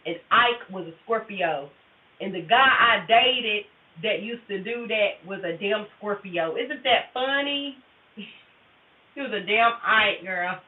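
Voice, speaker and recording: A woman livestreaming a tarot session, talking candidly and profanely straight to her viewers in casual chat. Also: medium pitch. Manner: candid, profane, confessional, addresses viewers directly. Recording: tinny phone-like audio, roomy and distant.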